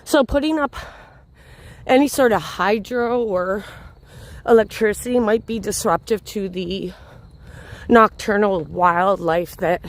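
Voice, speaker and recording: A woman's voice: medium pitch, slow, long pauses. A woman hosting a livestreamed night walk outdoors in a city park, chatting casually and answering viewers by name as she walks with her phone. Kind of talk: casual live-stream chat, answering viewers.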